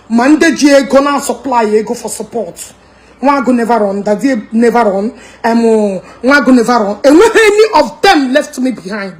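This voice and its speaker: High-pitched scornful woman with an Igbo accent. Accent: Nigerian, Igbo. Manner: switches between English and Igbo, scornful, laughs mockingly. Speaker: social media commentator. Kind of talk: heated mocking rant.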